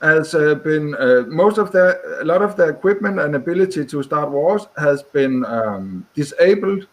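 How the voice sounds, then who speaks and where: A man from Scotland, speaking with a fairly high voice. He talks in a halting way, stopping often to search for words as a guest on a chat show. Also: lively intonation. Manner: hesitant, full of pauses and "uh"s. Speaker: guest caller. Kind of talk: casual chat.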